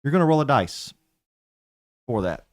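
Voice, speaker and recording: A man narrating as game master of a tabletop game in a relaxed, drawling way. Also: medium pitch, moderate pace, dry recording, studio quality.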